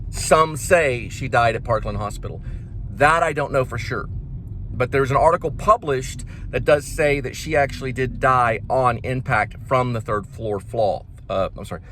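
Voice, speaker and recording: A man hosting his own channel, talking casually to the camera in a rambling, repetitive way, restarting sentences and slowly spelling out names. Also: medium pitch, fairly bright tone. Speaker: independent filmmaker and channel host.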